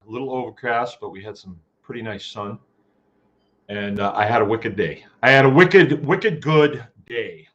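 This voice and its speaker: A man's voice: medium pitch, fairly bright tone, muffled recording. A man hosting a casual farming live chat from his farm, folksy and rambling as he greets viewers by name. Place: home farm.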